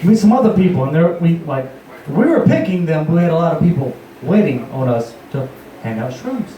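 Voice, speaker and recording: Young man, profane rambling storyteller, high animated voice, roomy distant sound, faint chatter behind. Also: a little fast, highs cut off, slight background noise. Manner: rambling, profane, laughing, acts out quotes in a higher voice. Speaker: storyteller at an open mic. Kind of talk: live stand-up storytelling. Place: bar or juke joint. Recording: echoey room from far off.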